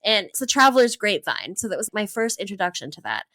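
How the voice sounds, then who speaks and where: A woman from Hawaii, in her thirties, telling travel stories in a casual interview, lively and laughing often. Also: mid-range voice, fast talker, no room sound. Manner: animated, laughs often, acts out her own past thoughts. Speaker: travel entrepreneur guest.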